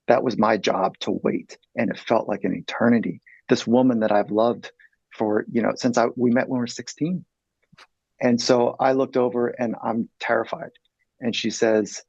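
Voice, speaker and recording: Gravelly middle-aged man telling a candid story. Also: mid-range voice, fairly even intonation, normal speed, no room sound, highs cut off. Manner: earnest, blunt, swears freely. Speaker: psychologist guest.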